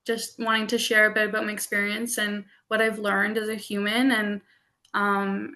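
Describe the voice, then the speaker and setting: Creaky, bright-voiced young woman, hesitant. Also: medium pitch. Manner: hesitant, rambling, many "um"s. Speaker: panel guest. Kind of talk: sharing personal story on a panel.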